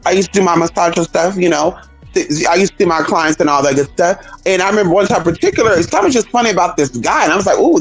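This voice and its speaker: A spiritual practitioner and vlogger tells stories in a casual monologue, flamboyant, sassy and very expressive, swinging into high voices whenever he quotes people. The recording is rough.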